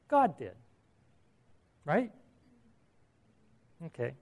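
A man's voice: on the high side, moderate pace, pauses often. A man preaching a sermon in a conversational way, asking the audience questions and chuckling at his own asides.

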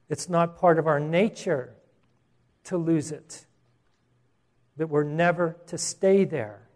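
A man with a slightly high voice preaches a sermon as a pastor. He sounds earnest, repeating the starts of phrases and slowing when he wants to stress something.

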